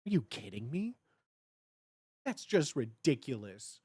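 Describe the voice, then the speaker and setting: A streamer in their thirties from the Chicago area, chatting casually at home in a rambling way with sudden excited bursts. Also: a little slow, slightly rough, no room sound, clean studio sound. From Chicago area, United States. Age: 30s. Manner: animated, with sudden high bursts when acting out cheering; rambling, many fillers and restarts. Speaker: livestream host. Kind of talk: casual livestream chat.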